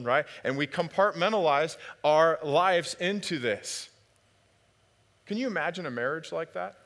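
A man preaching a sermon, lively and conversational, who acts out biblical dialogue in different voices. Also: fairly high pitch, measured pace. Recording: long hall reverb.

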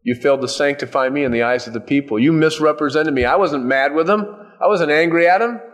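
A man's voice: fairly high pitch, quick pace, lightly acted. A preacher voicing God as a stern but patient fatherly deity, scolding in plain conversational words. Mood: reproving.

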